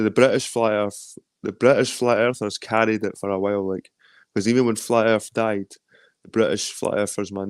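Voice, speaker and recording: Scottish guy rambling on a stream, sweary and jokey, lowish voice, dry close mic. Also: a little mellow, no room sound. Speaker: stream host. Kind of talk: casual chat reading viewer comments.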